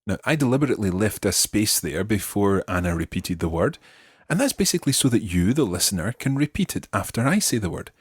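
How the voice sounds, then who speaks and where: Lively, patient man teaching a language lesson. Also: fairly low pitch, a little fast, no echo, studio quality. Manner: patient, clear, encouraging.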